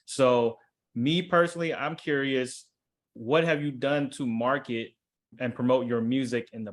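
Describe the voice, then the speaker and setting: A man hosting a casual interview, easygoing, asking long rambling questions. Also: mid-range voice. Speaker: interview host.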